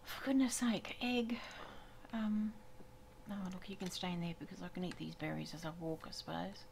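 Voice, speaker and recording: A woman's voice: on the low side, steady tone, normal speed, creaky, darkish tone, slight background noise. A woman giving chatty, exclamatory commentary on her gameplay and talking to the animals she meets. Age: older. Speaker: gaming YouTuber. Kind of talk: casual let's-play commentary.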